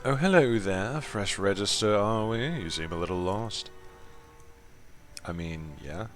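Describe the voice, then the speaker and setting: A man reading the lines of a pampered, clingy noble lady from a game, in a fairly low voice. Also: unhurried, faint music behind, natural voice. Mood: fussy.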